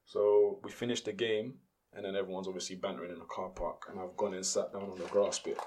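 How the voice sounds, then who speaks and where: Man, podcast guest, low voice, casual slangy storytelling. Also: little pitch movement, fast talker, darkish tone.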